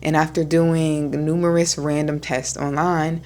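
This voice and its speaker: A woman vlogger speaking in a low, soothing voice, slow and deliberate, pausing between her sentences. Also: little pitch movement. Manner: slow, soft, deliberate speech with pauses. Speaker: wellness vlogger. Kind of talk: calm talking-head vlog.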